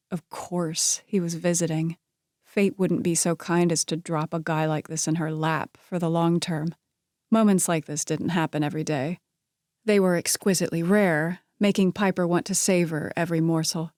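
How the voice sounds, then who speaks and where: A woman reading a romance novel aloud, narrating in a steady, measured way. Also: fairly low pitch, no echo, clean studio sound. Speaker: audiobook narrator.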